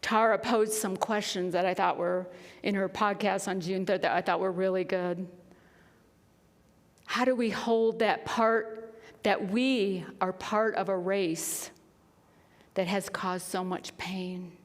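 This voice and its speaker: A woman minister preaching a sermon, telling a story earnestly, often dropping to a hushed voice. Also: mid-range voice, steady tone, measured pace. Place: spiritual center sanctuary. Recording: long reverb of a church hall.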